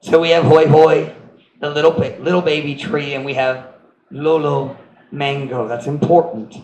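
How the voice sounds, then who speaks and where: A man's voice: a little high, steady tone, normal speed, darkish tone, roomy sound, dull audio, slight background noise. A man preaching as a pastor, telling a playful children's story and switching between English and Cebuano. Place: church hall.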